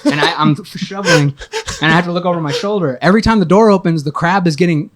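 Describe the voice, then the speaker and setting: A young man on a podcast, telling a long story in a casual, animated, profane way and acting out what he thought at the time. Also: high voice, fast, a crowd in the background. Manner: animated, profane storytelling with acted-out inner voices. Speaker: podcast guest.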